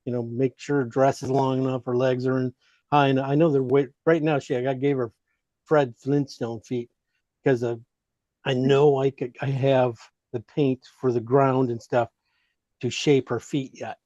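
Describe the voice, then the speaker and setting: A man's voice: mid-range voice, level tone, moderate pace, a little mellow, no room sound, highs cut off. A man teaching an online painting class, giving rambling, encouraging feedback full of fillers.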